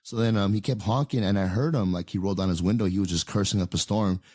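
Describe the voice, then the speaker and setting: A man's voice: on the low side, quick pace, a little mellow, breathy edge, no echo, clean studio sound. A man in his thirties telling a story in casual podcast chat, rambling with many fillers and restarts. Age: 30s. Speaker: podcast co-host.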